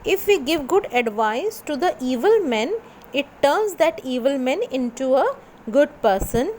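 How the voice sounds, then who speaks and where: A woman's voice: high voice, lively intonation, unhurried, a little mellow, a little hiss or hum. A woman teacher reading a story aloud to a class, repeating and explaining each sentence simply. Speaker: school teacher.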